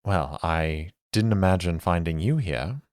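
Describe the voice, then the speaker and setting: A man playing a sly, smooth-talking male mercenary with courteous, measured speech. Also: sits low, expressive, a little mellow, dry recording, studio quality.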